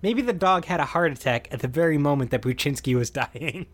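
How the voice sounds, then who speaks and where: A man's voice: on the high side, animated, brisk. A man co-hosting a casual podcast, animatedly retelling a film's plot, acting out quoted lines and laughing often. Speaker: podcast co-host recapping a film. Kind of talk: casual chat.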